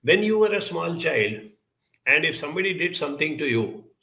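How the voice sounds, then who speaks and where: A man's voice: fairly high pitch, sing-song, moderate pace, creaky, pushed and bright. A middle-aged man giving an earnest reflective talk and telling a story from his childhood. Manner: earnest, storytelling, addresses listeners directly. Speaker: speaker.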